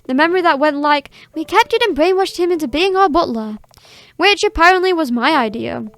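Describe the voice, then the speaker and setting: A woman's voice: sits high, lively intonation, fairly quick, a bit bright. A woman voicing a cheerful, morbid immortal young girl, reading video game dialogue in a sweet, teasing manner. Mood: reflective. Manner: sweet, teasing, unbothered by death.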